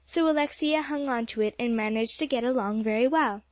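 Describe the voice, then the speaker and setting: A woman's voice: fairly high pitch, a little fast, no echo. A woman reading an audiobook aloud as narrator, telling the story steadily. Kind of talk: scripted narration.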